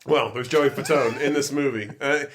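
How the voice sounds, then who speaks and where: Casting note: male podcast host, mid-pitched, rambling and laugh-prone, casual. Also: moderate pace, fairly bright tone. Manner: laughs often, rambling storyteller. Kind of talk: casual chat.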